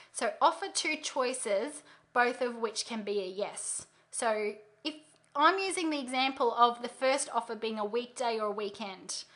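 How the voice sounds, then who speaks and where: Bright, high-voiced woman webinar trainer. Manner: emphatic, upbeat teaching with demonstrated questions. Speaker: sales trainer hosting a webinar.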